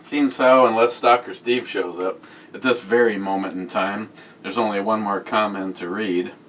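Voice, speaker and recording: Crude joking man, low voice. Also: fairly even intonation, normal speed, fairly bright tone, far from the mic, slight background noise. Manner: crude, joking, swears freely. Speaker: beer review vlogger. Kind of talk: casual vlog reading viewer comments.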